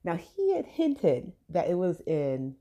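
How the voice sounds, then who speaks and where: Chatty Southern California woman, low voice, casual storytelling, plays out quotes. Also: wildly swooping pitch, slow pace, warm tone. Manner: chatty, acts out quoted dialogue. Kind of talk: casual personal anecdote.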